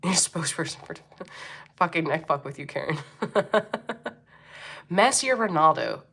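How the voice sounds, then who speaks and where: A woman's voice: low-pitched, lively intonation, normal speed, creaky, pushed and bright, husky. A woman in her forties from Philadelphia with a Philly accent, hosting a casual livestream, reading comments, laughing often and swearing freely. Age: 40s. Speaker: livestream host.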